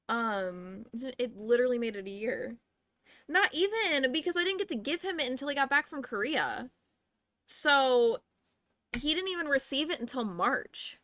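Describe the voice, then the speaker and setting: A young woman with a bright, clear voice chats away on her live stream, bubbly and slangy. She rambles between thoughts and fills the gaps with ums as she plays a game. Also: a little high, no room sound. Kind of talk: casual live-stream chat while gaming.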